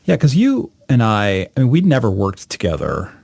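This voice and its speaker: A middle-aged podcast host with a Baltimore accent and a low, deep voice. He talks in a casual, excitable way, with loud exclamations. The sound is close and dry. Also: moderate pace, creaky, slightly rough, no room sound. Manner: excitable, exclamatory, jumps high in pitch when surprised. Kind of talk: casual interview chat.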